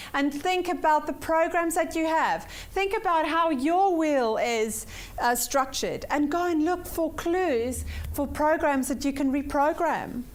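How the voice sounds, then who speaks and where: A woman teaching a weekly personal development workshop, upbeat and repeating points for emphasis while checking in with her class. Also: high-pitched.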